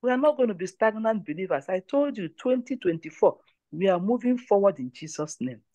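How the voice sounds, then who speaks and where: A woman's voice: mid-range voice, big pitch swings, brisk, mellow, no room sound, highs cut off. A woman leads a prayer line, giving testimony and exhortation in an emphatic, repetitive way. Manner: emphatic, repeats phrases.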